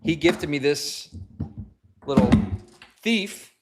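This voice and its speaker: A man's voice: on the high side, animated, slow, background noise. Man, casual livestream host, joking, rambling, handheld phone. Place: home, moving to a garage.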